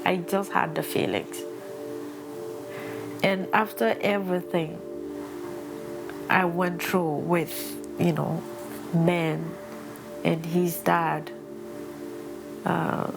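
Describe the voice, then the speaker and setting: A woman's voice: fairly low pitch, gravelly. A woman from Guinea, speaking earnestly and confessionally about her life in an interview. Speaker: documentary subject. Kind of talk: personal interview.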